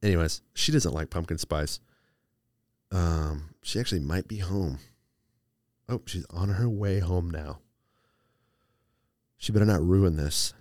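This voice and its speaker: A man's voice: low voice, unhurried, pauses often, darkish tone, no echo, clean studio sound. A young man hosting a solo podcast, chatting casually and rambling playfully with lots of restarts. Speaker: podcast host.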